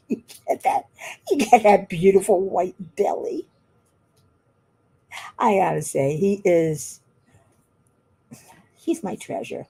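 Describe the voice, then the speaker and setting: A woman's voice: medium pitch, big pitch swings, slow pace, vocal fry, long pauses, mellow, slightly rough. A woman chatting casually while she works on a craft at home, rambling and laughing often. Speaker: craft vlogger.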